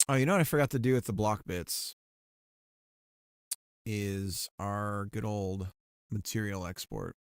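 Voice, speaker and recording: A man's voice: lowish voice, unhurried, long pauses, smooth, dry recording, clean studio sound. A man chatting casually on a livestream while working on a game, rambling and laughing often, with many restarts. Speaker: streamer.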